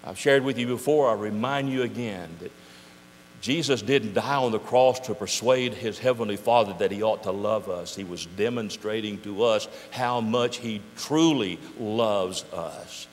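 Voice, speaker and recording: A man's voice: medium pitch, a little slow, slight background noise. An older man preaching a sermon, emphatic and full of rhetorical questions. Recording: echoey hall.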